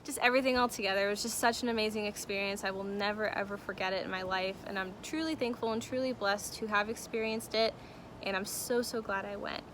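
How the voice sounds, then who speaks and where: A woman's voice: medium pitch, fast, background noise. A young woman telling a personal story to her camera in a chatty, emotional way, with lots of fillers. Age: young adult. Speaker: vlogger. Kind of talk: casual story-time vlog.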